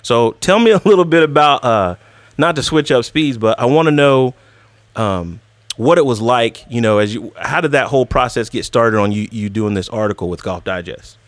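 Lively, animated podcast host. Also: male voice, mid-range voice, normal speed, dry recording. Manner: animated, laughing, storytelling. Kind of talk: casual podcast chat.

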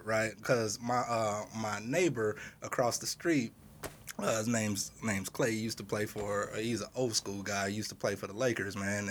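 A man in casual chat, telling a story with lively quoted dialogue and laughter. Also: fairly low pitch, slight background noise.

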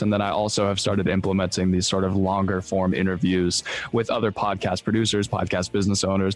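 A man from Texas, a guest on a podcast, explaining things in a friendly casual way. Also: low voice. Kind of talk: casual interview chat.

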